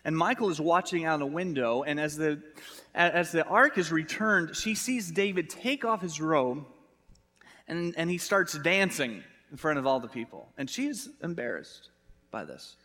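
A man's voice: fairly high pitch, lively intonation, normal speed, sharp tone, long reverb tail. An American man preaching a sermon, chatty and humorous, asking the congregation questions. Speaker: pastor.

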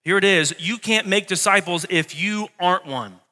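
A man's voice: high voice, normal speed, pushed and bright. A male pastor preaching a Sunday sermon, conversational and joking, repeating key lines for emphasis. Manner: conversational, with humor and asides. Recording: long reverb of a hall.

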